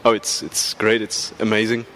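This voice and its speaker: A male tourist with a low voice, answering in a halting, hesitant way. The recording is outdoors, with faint traffic noise behind him. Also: monotone, sharp tone.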